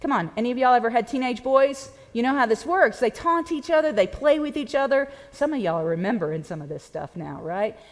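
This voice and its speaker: A woman's voice: fairly high pitch, lively intonation, fairly quick, few pauses. A woman pastor, preaching a sermon in a conversational, playful way and speaking directly to her congregation. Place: church sanctuary. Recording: long church reverb.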